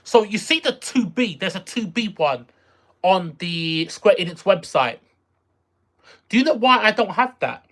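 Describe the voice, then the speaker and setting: Medium in pitch, expressive, slightly slow, and a bit bright, this streamer talks casually with viewers. Their speech rambles, repeats, and trails off as they search for words, and they respond aloud to incoming messages.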